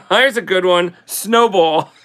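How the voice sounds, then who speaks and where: A woman in a casual video, reading short holiday poems aloud slowly and sing-song, with chatty asides between them. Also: on the low side, a bit bright. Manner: giggly, reads verses slowly and sing-song. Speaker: vlogger.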